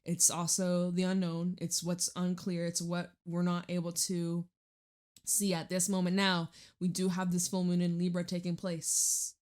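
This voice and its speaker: Woman, tarot reader, relaxed chatty delivery with low-ish pitch, laughs and curses casually. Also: unhurried.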